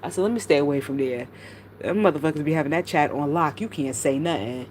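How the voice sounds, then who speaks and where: A woman with a deep voice talks quickly during a casual live stream, rambling through animated stories to her chat and swearing heavily. There's slight background noise.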